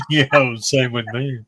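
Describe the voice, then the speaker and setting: Laid-back male co-host with dry humor, animated pitch, slow delivery. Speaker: co-host reading viewer questions. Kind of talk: casual group chat.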